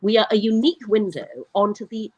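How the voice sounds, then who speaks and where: A woman's voice: flat delivery, fairly quick, darkish tone, no room sound, muffled recording. A woman with a flu-stuffed voice, a company founder speaking articulately as a guest on a video call. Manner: articulate, polished pitch. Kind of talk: interview.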